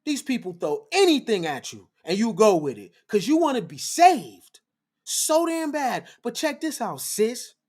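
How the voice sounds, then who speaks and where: A man's voice: extremely high pitch, wildly swooping pitch, unhurried, darkish tone. A man hosting a livestream, lecturing his viewers in a fiery, preachy monologue, repeating phrases for emphasis. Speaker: livestream host.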